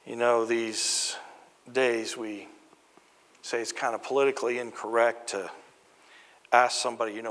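An American man preaches in a large hall, his mid-range, slightly bright voice moving at a moderate pace. He is earnest and builds emphasis on key phrases, mixing in storytelling asides with light humor.

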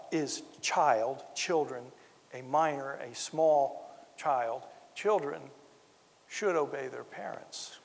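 A man preaching a sermon, earnest and emphatic, driving points home by repeating key phrases. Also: a little high. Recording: long reverb of a large hall.

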